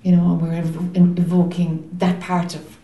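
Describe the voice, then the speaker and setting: A woman spiritual teacher gently guiding and affirming a questioner in a retreat dialogue. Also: lowish voice, monotone, normal speed, echoey room, rough recording.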